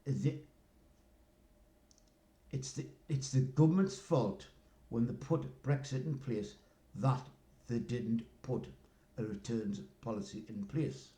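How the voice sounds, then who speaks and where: Older man, mellow and roomy. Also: mid-range voice, takes it slowly. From North East England. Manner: rambling, often says "you know what I mean". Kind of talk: casual storytelling monologue. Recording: roomy echo.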